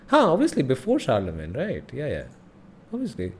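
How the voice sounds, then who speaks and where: A man's voice: medium pitch, huge pitch swings, brisk, slightly rough. A man hosting a casual gaming livestream, thinking aloud and muttering as he reads signs under his breath. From India. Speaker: livestream host.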